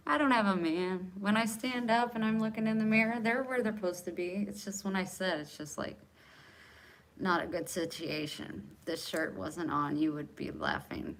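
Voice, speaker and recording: A woman in her forties hosts a casual livestream, speaking at a moderate pace in a medium-pitched voice with lively intonation over a faint hiss or hum. Candid and jokey, she mocks herself, chats with commenters by name and laughs often between lines.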